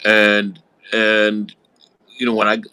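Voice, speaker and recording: A man's voice: on the low side, monotone, slow, pushed and bright, clean tone, rough recording. A man coaching on a call, listening closely and answering with supportive, affirming words.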